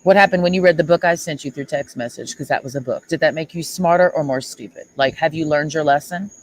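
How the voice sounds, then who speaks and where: A woman's voice: low-pitched, quick pace, slight background noise, poor audio. A woman streamer ranting at someone in a sarcastic, mocking and confrontational way. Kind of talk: livestream rant.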